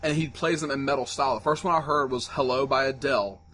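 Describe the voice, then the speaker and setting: A man co-hosting a podcast in casual chat, an animated storyteller who laughs often. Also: medium pitch, fast talker, slight background noise. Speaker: podcast co-host.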